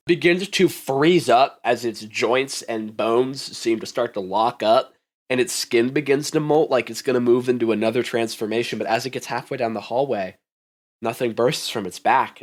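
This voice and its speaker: A man narrating a tabletop game as game master, vivid and often laughing. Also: mid-range voice.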